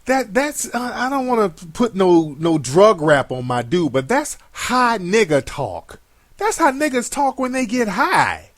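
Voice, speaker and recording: A man's voice: high-pitched, sing-song, unhurried, no echo. A man hosting a reaction commentary, mocking and profane, with frequent laughter. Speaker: commentary host.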